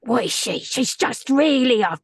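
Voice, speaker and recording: A woman voicing a rough, slow-witted dark witch with a London accent and a coarse, streetwise drawl. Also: a little high, lively intonation, no echo, studio quality, pitched above the performer's own voice, heavily acted. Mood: sneering.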